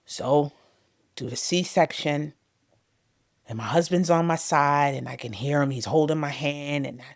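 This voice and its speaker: A woman as an interview guest, telling a personal testimony with emotion, her voice swinging between loud and hushed. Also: low-pitched, measured pace, no room sound, clean studio sound.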